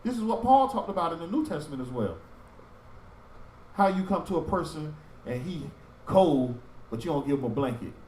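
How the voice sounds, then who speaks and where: A man teaching a religious group in sermon style, with animated storytelling that acts out street talk. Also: fairly high pitch, normal speed, pauses often, echoey room, far from the mic, a little hiss or hum, poor audio.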